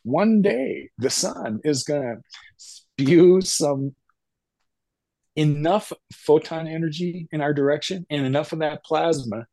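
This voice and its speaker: A man hosting a casual spiritual discussion on a video call, rambling and thoughtful, with many pauses and ums. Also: on the high side, mellow, no echo.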